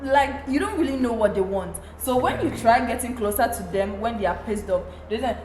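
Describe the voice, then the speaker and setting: A woman's voice: on the high side, expressive, fairly quick, hardly any pauses, darkish tone, reverberant, slight background noise, poor audio. A woman, a talk-show panelist, speaking candidly about her own experiences.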